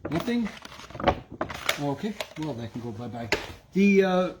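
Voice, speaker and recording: A man hosting a live online auction, briskly calling out lots and closing bids. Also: fairly high pitch, sing-song, background noise. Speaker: auction host.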